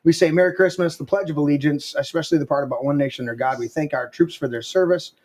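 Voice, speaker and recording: A man's voice: fairly high pitch, quick pace, a little mellow. A man hosting a podcast in loose, rambling chat, often restarting his sentences. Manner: rambling, restarts often, puts on quoted voices. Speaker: podcast host.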